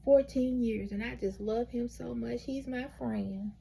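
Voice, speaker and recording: A woman voicing a distressed little boy who pleads loudly in a high voice. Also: measured pace, creaky, slight background noise, low-quality recording. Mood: earnest. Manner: high, pleading, near shouting.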